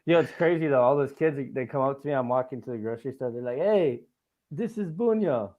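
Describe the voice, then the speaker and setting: A man's voice: mid-range voice, racing, darkish tone, highs cut off. A man hosting a casual podcast. He rambles, fills his talk with "like" and laughs often. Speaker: podcast host.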